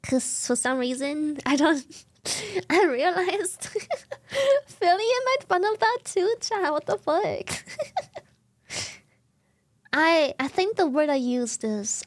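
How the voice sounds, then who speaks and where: A young German woman with a German accent chats casually on a live stream, giggling often and thanking viewers again and again. Her voice sits high, very animated but slow.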